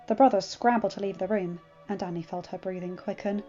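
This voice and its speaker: A woman narrating a fanfiction story in an expressive, dramatic reading. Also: medium pitch, fairly quick, few pauses. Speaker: fanfiction reader. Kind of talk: scripted narration. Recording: dull lo-fi with faint music.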